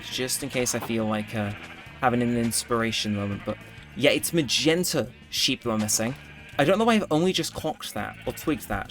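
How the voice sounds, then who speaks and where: A man giving rambling, self-correcting commentary while playing a game. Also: mid-range voice. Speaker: gaming YouTuber. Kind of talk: casual gameplay commentary. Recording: faint background music.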